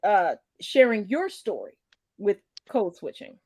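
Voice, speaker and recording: A woman of Caribbean background hosting a casual conversation, playful and lively. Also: mid-range voice, measured pace, husky, no room sound, studio quality. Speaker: host.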